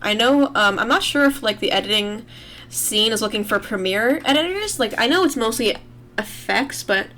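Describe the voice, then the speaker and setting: A woman's voice: fairly high pitch, expressive, moderate pace, pushed and bright. A young woman streaming as she draws, chatting in a loose, rambling and self-deprecating way at her computer. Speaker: artist streaming while drawing. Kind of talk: casual livestream chat.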